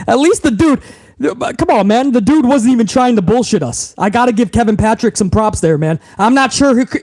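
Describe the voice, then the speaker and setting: A man's voice: extremely high pitch, a little mellow, no room sound. A man hosting a live wrestling recap stream, talking in a profane, rambling way with frequent restarts. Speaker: wrestling show host.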